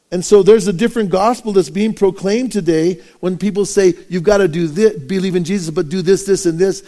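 A male pastor preaching a sermon, firing rhetorical questions and acting out anecdotes with lively swings in volume. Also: high-pitched.

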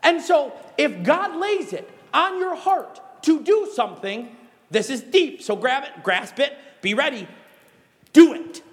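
High-voiced Midwestern pastor preaching. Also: male voice, a little slow, in a large hall. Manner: animated storytelling with emphatic exhortations. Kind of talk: sermon.

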